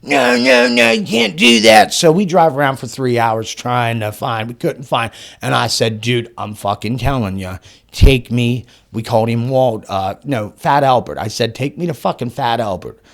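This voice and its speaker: A man telling a story as a podcast guest. He talks in an excited rush, curses freely, breaks into laughter and plays out every line of dialogue. His voice sits at an ordinary middle pitch for a man. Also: normal speed. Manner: excitable, swears often, laughs mid-sentence, acts out dialogue. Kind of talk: animated storytelling.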